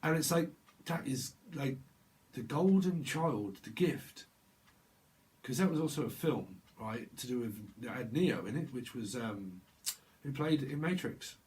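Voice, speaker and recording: A man's voice: mid-range voice, lively intonation, measured pace, darkish tone. A man giving a casual tarot reading on camera, rambling and playing with words. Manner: rambling, playful wordplay, laughs often. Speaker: tarot reader.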